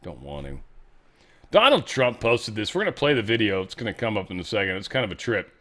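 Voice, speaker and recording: A man's voice: on the low side, big pitch swings, a little fast, fairly bright tone. A man hosting a casual news commentary show, rambling through stories with profane, jokey asides. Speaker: show host.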